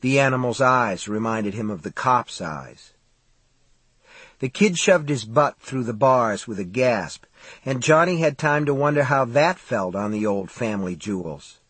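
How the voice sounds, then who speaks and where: A man narrating an audiobook in a steady, measured storytelling voice. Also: mid-range voice, husky, dry recording.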